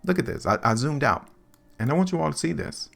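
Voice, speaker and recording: Gravelly emphatic stock-chart host. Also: male voice, a little high, animated, brisk, fairly bright tone. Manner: emphatic, repetitive, lecturing the viewer. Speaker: stock market video host. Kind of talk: chart analysis commentary.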